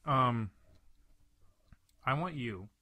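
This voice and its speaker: A young man chatting on a casual podcast with his friends. He rambles through a story, cursing freely and restarting his sentences. His voice sits at an ordinary middle pitch. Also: animated, very slow, bright, forceful tone, no room sound. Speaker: podcast host. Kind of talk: casual chat.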